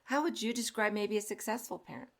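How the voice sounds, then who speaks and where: Female parenting-podcast host with a gravelly voice, affirming interviewer. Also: medium pitch, animated, quick pace. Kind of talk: conversational interview.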